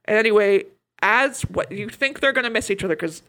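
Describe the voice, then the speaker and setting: A woman's voice: medium pitch, expressive, fairly quick, a bit bright. A woman co-hosting a podcast, chatting casually and retelling movie scenes with acted-out quotes. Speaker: podcast co-host. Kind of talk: casual chat.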